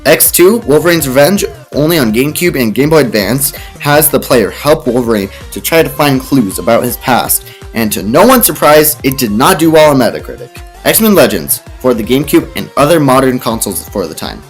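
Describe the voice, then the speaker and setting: A man's voice: mid-range voice, big pitch swings, brisk, hardly any pauses, faint music behind. A man narrating comedic video game reviews with dry, sarcastic asides.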